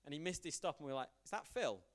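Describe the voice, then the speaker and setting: A man's voice: on the high side, very fast. A young man preaching a casual sermon, telling stories and acting out the dialogue in them. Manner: storytelling, animated, acts out quoted dialogue, self-deprecating. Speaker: youth pastor preaching. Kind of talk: conversational sermon with anecdotes.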